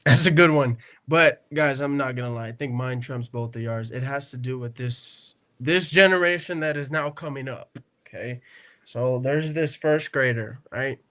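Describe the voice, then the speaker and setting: A man's voice: medium pitch, moderate pace. A man telling stories on a casual podcast, acting out the people in them and tagging lines with "right?" and "okay?". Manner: animated storyteller who acts out quotes; peppers speech with "right?" and "okay?". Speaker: podcast co-host.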